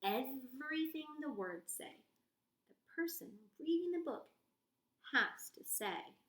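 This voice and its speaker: Woman reader for kids' story time, bright, unhurried, goofy and expressive delivery. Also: high-pitched, echoey room. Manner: playful, silly, exaggerated reading voice. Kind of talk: reading a picture book aloud to kids.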